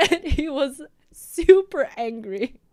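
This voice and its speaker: A woman's voice: sits high, lively intonation, takes it slowly, darkish tone. A young woman from China, telling a story casually on a stream and laughing often.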